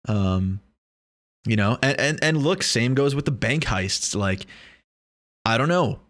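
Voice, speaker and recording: A man's voice: mid-range voice, expressive, slow, a bit bright. A man vlogging in a casual, rambling way, joking and swearing as he talks to the camera. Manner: rambling, joking, profane, many restarts.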